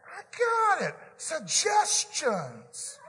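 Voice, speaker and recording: A man preaches and tells his own story with wild swings in pitch, dropping to a hush for quoted lines and rising to shouts. His voice sits high for a man. The sound rings with the long reverb of a big hall. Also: extremely slow. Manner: animated testimony, whispering quotes then shouting. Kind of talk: storytelling sermon.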